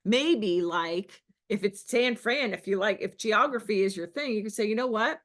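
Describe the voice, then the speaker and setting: A woman's voice: medium pitch, normal speed. A middle-aged woman sales coach talking passionately on a podcast, asking the listener questions and acting out other people's lines. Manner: passionate, animated, rhetorical questions. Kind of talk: podcast teaching talk.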